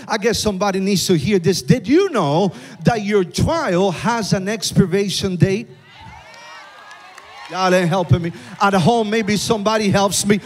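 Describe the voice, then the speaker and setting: A man's voice: high voice, unhurried. A man preaching a sermon in a church, using call-and-response with the congregation. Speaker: pastor. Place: church sanctuary with live congregation.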